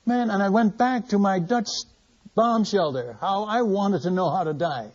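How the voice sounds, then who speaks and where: A man's voice: high-pitched, normal speed, a little mellow. An older man, a missionary preacher, telling a story in a sermon. He speaks animatedly, repeats words and acts out the dialogue. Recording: muffled lo-fi recording.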